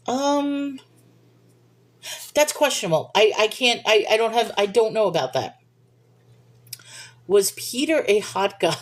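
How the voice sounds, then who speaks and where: A woman's voice: medium pitch, expressive, measured pace, long pauses. A woman hosting a livestream, talking casually about faith and reading viewer comments, chatty and thinking aloud with restarts and little laughs.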